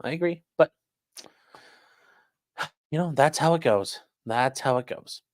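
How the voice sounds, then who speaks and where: The host of a legal commentary livestream, with a somewhat high-pitched voice and a slow pace, chats casually and reads out viewer comments. His phrasing is loose and repetitive, full of fillers, and the audio is echo-free studio quality.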